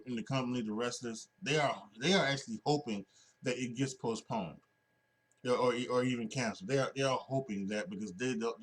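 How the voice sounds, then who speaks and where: A man hosts his own wrestling podcast, talking off the cuff with lots of fillers and false starts. He sounds a bit sleepy, and his voice sits at an ordinary middle pitch. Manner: rambling, many restarts and fillers. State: sleepy, yawning. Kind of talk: casual solo podcast talk.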